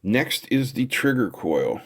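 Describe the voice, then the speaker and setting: A man's voice: mid-range voice, very animated, slow, gravelly. A middle-aged man casually talking through a kit build as he solders, chatty and thinking aloud. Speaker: electronics hobbyist host.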